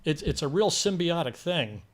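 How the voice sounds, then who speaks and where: A man's voice: a little high, moderate pace. An older man co-hosting a casual movie review chat, telling stories and acting out quotes with energy. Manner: animated storyteller, acts out quotes.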